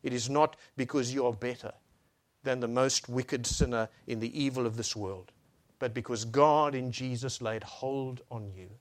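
A man preaching a sermon, swinging between soft hushed lines and loud raised exclamations. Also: medium pitch, normal speed. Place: Brussels church.

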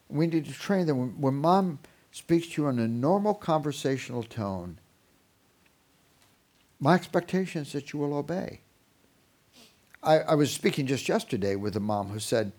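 A man's voice: fairly high pitch, darkish tone. A man giving a Christian parenting seminar talk in a conversational way. He often repeats words while he thinks and acts out parents and children in short quotes. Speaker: parenting teacher.

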